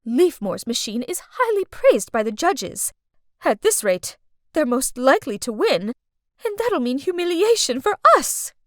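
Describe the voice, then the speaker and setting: A woman's voice: high voice, big pitch swings, no room sound. Woman doing a stern lady principal, disappointed, dry close sound. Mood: worried. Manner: measured, disappointed scolding. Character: stern female school principal.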